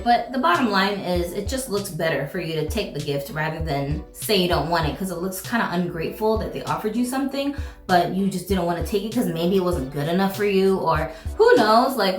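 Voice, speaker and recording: A woman giving casual advice in a vlog, chatty and full of fillers, acting out what other people say. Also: a little high. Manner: chatty, many fillers, acts out quoted people. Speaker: vlogger. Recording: echoey room with faint music.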